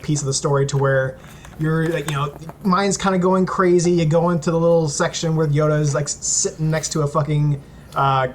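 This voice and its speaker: Male podcast co-host, slightly high voice, loose and sarcastic, curses. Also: slight background noise. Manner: loose, sarcastic, swears, many fillers. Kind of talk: casual podcast chat.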